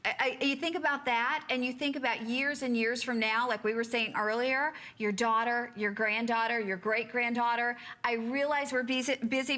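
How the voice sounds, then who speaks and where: Bright-voiced shopping channel host woman. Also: fairly high pitch. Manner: upbeat, chatty, reads out stock counts. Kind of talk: live TV sales patter.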